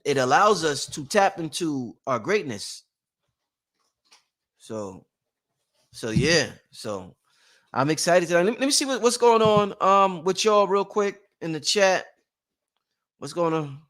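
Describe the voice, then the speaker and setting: Rambling, higher-voiced man hosting a livestream. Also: sing-song, measured pace, long pauses. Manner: rambling and repetitive, with frequent restarts and slang; hypes up and shouts out his viewers. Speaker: livestream host. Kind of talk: casual motivational livestream monologue.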